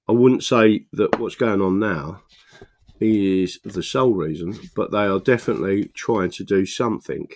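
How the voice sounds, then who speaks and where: A middle-aged man hosts a relaxed political livestream, wandering between animated outbursts and mumbling as he works his screen and reads comments from viewers. His voice is low and creaky, and there's a slight hiss or hum.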